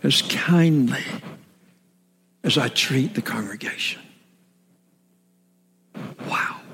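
A middle-aged man preaching a sermon as a pastor, with emphatic swings from raised shouts down to whispers. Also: medium pitch, very slow, gravelly, slight background noise. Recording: long hall reverb.

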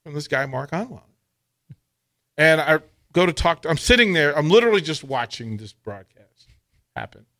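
A man's voice: fairly high pitch, sing-song, normal speed, long pauses, sharp tone. A man hosting a sports radio show, telling a story in a casual chat, laughing often and using casual slang as he acts out quotes.

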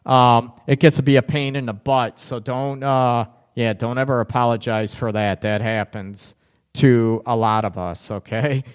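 Male live-stream host, candid and chatty, average pitch, reverberant sound. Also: steady tone, a little slow, clean tone. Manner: candid, frank, chatty with frequent restarts. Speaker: relationship talk show host. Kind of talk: live-stream chat reading viewer comments.

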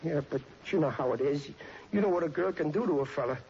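A man's voice: on the high side, fast talker, a little mellow, lightly acted. An actor playing a shy, clumsy, lovestruck teenage boy who stammers awkwardly, in a 1940s radio sitcom. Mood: bashful. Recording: dull hissy old radio recording.

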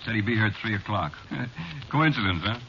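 A sly bartender who drawls slang and needles his customer,, with a bright, sharp tone and a lively, bouncing pitch. It is an old radio recording, dull and faintly hissy. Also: moderate pace, vocal fry. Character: teasing, sinister male bartender.

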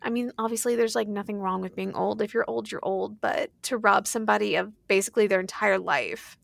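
A woman co-hosting a podcast, chatting casually and retelling a comic story in an animated way, swearing freely. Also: medium pitch, brisk, vocal fry, no echo. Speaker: podcast co-host. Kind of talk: casual chat.

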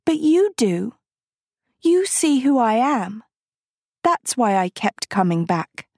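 A woman voicing a bright, eager teenage girl who is earnest and proud, in a storybook reading. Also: a little high, very animated, takes it slowly, vocal fry, dry recording, clean studio sound, pitched above the performer's own voice, full character voice.

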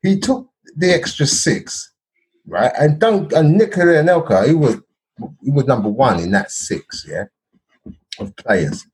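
A man's voice: a little high, expressive, unhurried, darkish tone. A man, co-hosting a casual podcast and telling a football story, checking in with "yeah?" and "bro". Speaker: podcast co-host. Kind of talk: casual chat.

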